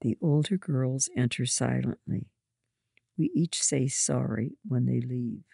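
Storybook narrator, first person, slow measured reading, gravelly voice, dry close sound. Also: medium pitch, mellow, no echo.

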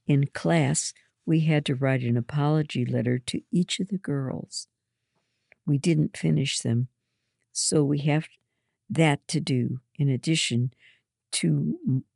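Storybook narrator, first person, slow measured reading, gravelly voice, dry close sound. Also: medium pitch, warm tone, dry recording.

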